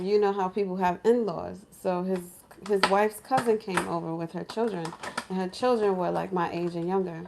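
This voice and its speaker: A woman from New York, a lifestyle vlogger, telling a story in casual chat in her home kitchen, animated and laughing, acting out other people's voices. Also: lowish voice, gravelly, noisy background. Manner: animated, laughing, acts out crying voices in quotes.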